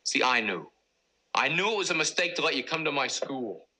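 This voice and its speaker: An actor playing a stern but kind middle-aged school principal in a 1990s sitcom, earnest and direct. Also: male voice, on the high side, big pitch swings, a little fast, breathy edge, full character voice, low-quality recording. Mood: angry scolding. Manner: scolding, then gentle and earnest.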